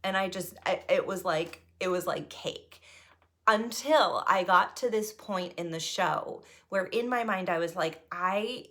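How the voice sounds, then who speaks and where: A woman with a slightly low voice tells a personal story in a loose, chatty monologue. She is animated, lifts her voice sharply when reliving nervous moments, and keeps checking in with a quick "right?". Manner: chatty, keeps asking "right?" between thoughts. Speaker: improviser and solo stage performer.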